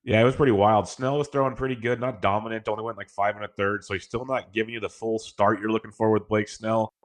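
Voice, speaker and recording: A man co-hosting a sports podcast, giving quick, confident analysis in a casual tone. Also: lowish voice, fairly even intonation. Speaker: podcast co-host.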